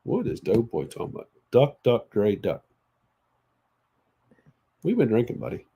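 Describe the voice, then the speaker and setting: A man's voice: medium pitch, wildly swooping pitch, a little slow, vocal fry, warm tone, husky. A man co-hosting a casual live stream, chatting and reading out viewer comments.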